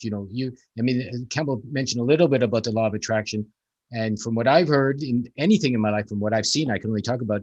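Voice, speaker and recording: A man's voice: medium pitch, a little mellow, husky, dry recording. A man hosting a casual conversation, talking in a rambling, reflective way full of "you know". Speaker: podcast host.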